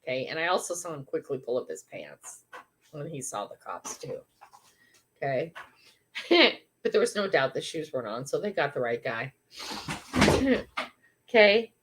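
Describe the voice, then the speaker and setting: An older woman hosting a morning livestream, telling a funny story in a chatty, animated way. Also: sits low, measured pace, long pauses, noisy background. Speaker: livestream host.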